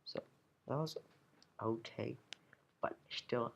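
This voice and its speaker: A man's voice: mid-range voice, big pitch swings, unhurried, vocal fry, pauses often, breathy edge, muffled recording. A teenage boy commenting casually on his game, grumbling and swearing, sometimes dropping to a whisper, recorded at home. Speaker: gamer opening card packs.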